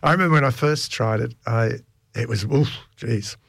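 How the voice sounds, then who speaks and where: A man's voice: mid-range voice, moderate pace, creaky, a bit bright, breathy edge, dry recording, clean studio sound. A man, hosting a casual radio chat, telling stories and laughing often. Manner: chatty storyteller, laughs often.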